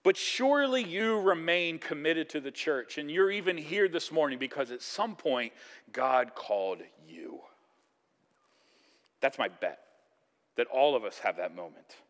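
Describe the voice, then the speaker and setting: A man preaching a sermon in a conversational, animated way, acting out quoted voices. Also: a little high, unhurried, in a large hall. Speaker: pastor.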